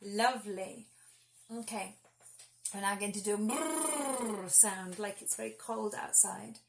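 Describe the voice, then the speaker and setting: A woman leading children through a singing warm-up, giving clear and encouraging instructions. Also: medium pitch, takes it slowly, background noise. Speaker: singing teacher.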